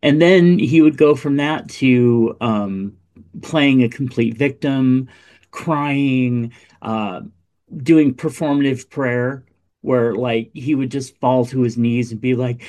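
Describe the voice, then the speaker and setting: A man in casual conversation, voice sitting in an ordinary middle register. He talks with animated exasperation, swears freely and often trails into asides. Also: mid-range voice, slow pace. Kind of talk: casual political chat.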